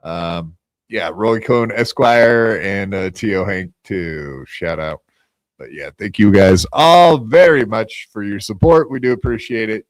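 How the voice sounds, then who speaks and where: A man's voice: lowish voice, a little slow, no echo. A man hosting a live podcast on his own, delivering a profane, taunting rant and casual sign-off chatter. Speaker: podcast host.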